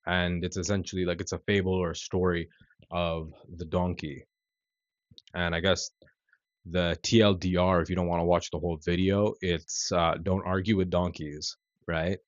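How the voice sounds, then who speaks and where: A man in his thirties tells a story in an easy, rambling way, with lots of "like" and "you know". His voice sits very low. The sound is dry and dull, as if from a cheap mic. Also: normal speed, dry recording. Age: 30s. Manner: relaxed and conversational, full of "like" and "you know". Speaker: vlogger. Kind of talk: casual storytelling vlog.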